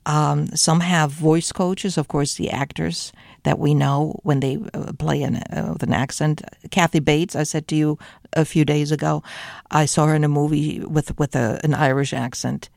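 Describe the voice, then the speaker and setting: An older woman from Germany with a slight German accent, hosting a radio show in a studio and chatting in an animated, rambling way full of fillers. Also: sits low, moderate pace, vocal fry, dry recording. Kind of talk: casual radio chat.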